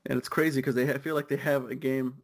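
On a soccer podcast, a young co-host with a medium-pitched voice speaks in a flat delivery. The conversation is casual, full of quick riffing and easy laughter.

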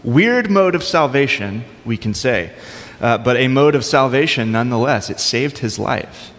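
Pastor, male, relaxed conversational preaching with humor, sanctuary reverb. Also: mid-range voice, moderate pace. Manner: conversational, informal with light humor. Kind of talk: sermon. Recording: long hall reverb.

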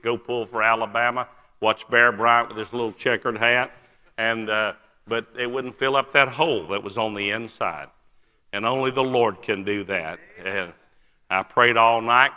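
An older man, preaching a testimony sermon and telling his story earnestly with many "uh" pauses. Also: medium pitch, bright, forceful tone, smooth. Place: large church sanctuary. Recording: long church-hall reverb.

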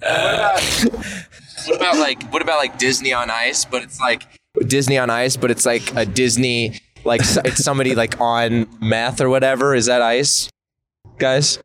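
A man co-hosting a casual comedy podcast, rambling as he pitches silly bits. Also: steady tone, moderate pace, a bit bright, a little hiss or hum. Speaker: podcast co-host.

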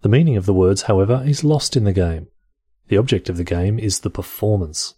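A man reads a text aloud in a low, husky, mellow voice, breaking off for wry, sarcastic asides. The sound is dry and close, with no room echo. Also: a little fast. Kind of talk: comic reading aloud.

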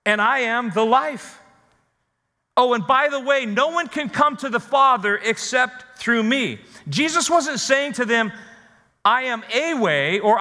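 A man preaching a sermon as pastor, rising and falling with emphasis and dramatic pauses. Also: high-pitched, sharp tone, long reverb tail.

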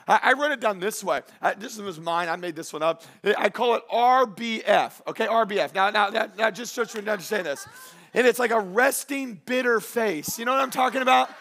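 A male pastor preaching a sermon in an animated, joking way, acting out the voices of people he quotes. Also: high voice, vocal fry.

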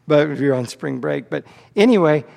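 A man's voice: fairly high pitch, animated, normal speed, creaky, a little mellow, big-room sound. A man pastor delivering a sermon, telling a story with frequent repeated words on restarts.

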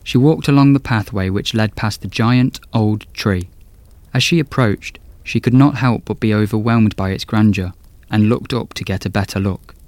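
A man reading a scripted horror story in a measured, atmospheric way as host of a podcast. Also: on the low side, a little mellow, no room sound.

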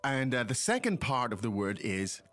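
A man's voice: mid-range voice, very animated, moderate pace, fairly bright tone, dry recording. A man who is a native English speaker, hosting a language podcast and explaining phrases in a casual, chatty way. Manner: chatty, explanatory, prompts co-host. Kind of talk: casual teaching chat.

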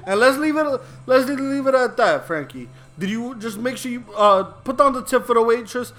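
A man's voice: very high voice, lively intonation, darkish tone, soft background music. A man putting on an old Italian-American mob boss. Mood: bossy. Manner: tough-guy slang, slow and threatening. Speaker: podcast co-host.

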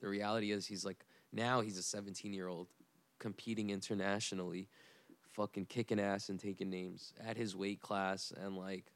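A man's voice: fairly low pitch, level tone, moderate pace, smooth, dry recording. A man co-hosting a podcast, chatting loosely with lots of swearing and fillers. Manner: loose and profane, full of fillers. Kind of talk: casual chat.

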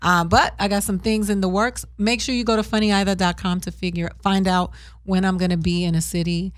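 A woman's voice: mid-range voice, a little fast, no echo, studio quality. Chatty woman host on a live show. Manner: lively, talkative, laughing often. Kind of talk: casual live show chat.

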